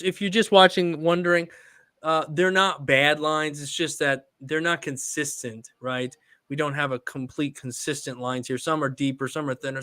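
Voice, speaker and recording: Male host, live tattoo critique stream, animated, higher voice, dry close mic. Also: no room sound. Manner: animated, rising to high excited bursts. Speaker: tattoo artist and show host.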